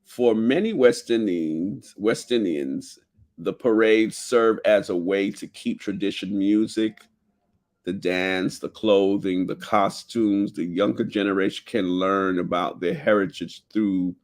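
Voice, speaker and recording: A man with a Jamaican accent and a fairly low voice reads through his notes as the host of a casual talk show. He keeps dropping into relaxed, chatty asides between the headings. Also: measured pace. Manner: reads headings aloud, drifts into loose asides. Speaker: podcast host.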